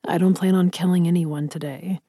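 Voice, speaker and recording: A woman doing a soft, impish young man. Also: high voice, fairly even intonation, fairly quick, slightly rough, no room sound, clean studio sound. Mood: reassuring.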